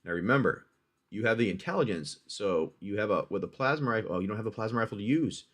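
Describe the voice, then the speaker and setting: Fast and fairly low, with lively intonation, a man narrates a dice-rolled adventure on his livestream. He's chatty, keeps calling the player "my friend," walks through each roll, and shouts his reactions to hits.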